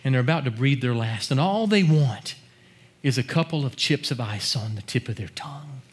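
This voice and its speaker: A man preaching a sermon, building chanted refrains to shouted climaxes before dropping to quiet, earnest teaching. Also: medium pitch, expressive, normal speed, slightly rough.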